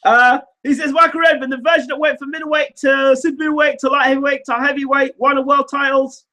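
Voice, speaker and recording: Male livestream host, very high voice, animated and teasing, chatty. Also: fast. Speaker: live show host reading viewer comments. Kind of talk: casual livestream chat.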